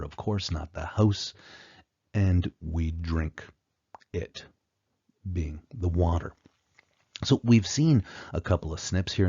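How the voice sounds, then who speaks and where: A man teaching an explanatory lecture, unhurried, with frequent pauses and fillers, on a dull, muffled recording. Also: extremely low pitch, dark tone, breathy edge, dry recording.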